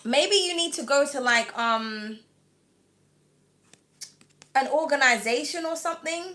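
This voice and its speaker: A woman's voice: high voice, animated, a little slow, bright, forceful tone. A British woman with a slightly whiny voice, chatting loosely through a live tarot reading with lots of fillers and frequent laughs. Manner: chatty and rambling, full of "like" and "um", laughs often. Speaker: tarot reader.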